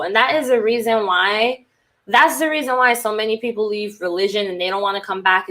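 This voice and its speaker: A woman's voice: mid-range voice, fairly bright tone. A woman podcast host and cult recovery coach in a candid, rambling casual monologue who swears freely.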